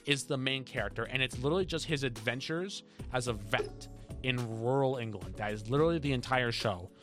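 A man's voice: medium pitch, fairly quick, over music. A young man co-hosting a podcast, chatting casually and rambling with many restarts. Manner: rambling, restarts often, lively. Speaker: podcast co-host. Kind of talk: casual chat.

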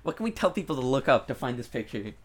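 A man co-hosting a casual movie podcast, enthusiastic and quick to giggle. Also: mid-range voice, very animated, slight background noise. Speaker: podcast co-host.

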